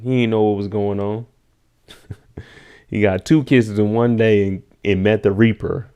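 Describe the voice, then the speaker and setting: On a live stream, a man with a smooth, slightly mellow voice recaps a TV episode in laid-back slang. He reads out chat names as he answers viewers and acts out scenes using high-pitched voices.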